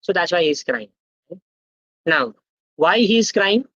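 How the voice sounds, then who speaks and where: A man's voice: high voice, lively intonation, takes it slowly, fairly bright tone, no room sound, lo-fi sound. A young man, teaching a live online workshop. He quizzes the chat and keeps checking in with "okay?". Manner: interactive, quizzes the chat, tags sentences with "okay?". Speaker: guest speaker at a student tech workshop.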